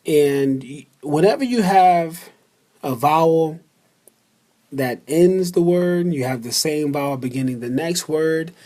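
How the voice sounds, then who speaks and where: Slow-talking man teaching a lesson. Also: fairly high pitch, darkish tone. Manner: slow and deliberate, repeating words for practice. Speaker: language teacher. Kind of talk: narrated slideshow language lesson.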